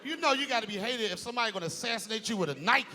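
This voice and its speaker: Animated male stand-up comic, live stage mic, noisy club. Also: high-pitched, rapid-fire. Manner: animated, loud, jumps into impressions. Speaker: stand-up comedian. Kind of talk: stand-up comedy set. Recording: live club with loud crowd laughter.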